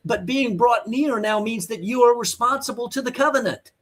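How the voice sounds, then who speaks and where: A man's voice: extremely high pitch, moderate pace. A man giving an online teaching sermon, emphatic, blunt and scolding as he presses his point. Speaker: Bible teacher.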